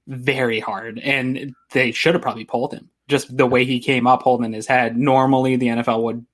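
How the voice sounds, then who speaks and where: A man's voice: mid-range voice, flat delivery, fairly quick. A man co-hosting a post-game sports talk show, chatting casually with a fan's enthusiasm. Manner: casual, chatty fan commentary. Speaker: podcast co-host.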